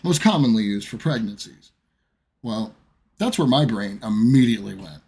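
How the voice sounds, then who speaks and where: A man's voice: on the low side, expressive, normal speed, mellow, breathy edge. An American man, a streamer, telling a profane, rambling personal story in a casual way. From United States.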